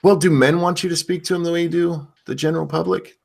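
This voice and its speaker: A man's voice: on the high side, quick pace, gravelly. A man hosting a casual chat show, rambling through crude jokes and reading out donations. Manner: loose rambling crude humor, animated. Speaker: show host.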